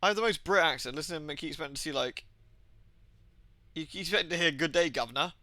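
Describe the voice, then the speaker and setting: A young Englishman with a mix of Birmingham and Southwest England accents chats and jokes while streaming a game, laughing often in casual commentary. His voice is on the high side, fast, bright, and forceful, recorded dry.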